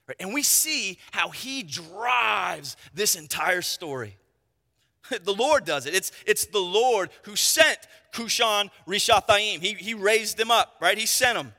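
High, bright-voiced man preaching a sermon. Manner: emphatic preaching with frequent "right?" asides. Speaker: pastor. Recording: long reverb of a large hall.

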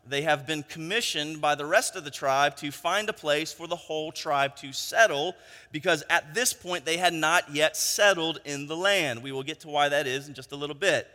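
A man's voice: on the high side, moderate pace, sharp tone. A man preaching a sermon, retelling a story in a chatty storytelling manner and often checking in with "right?". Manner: conversational storytelling, frequent tag questions. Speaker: pastor. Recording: long hall reverb.

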